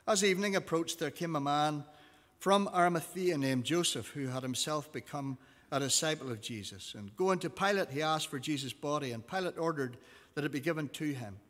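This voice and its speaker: A man with a bright, forceful voice reads scripture aloud for a class and gives the quoted lines expression. His voice sits a little high. It carries a long hall reverb. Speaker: teacher.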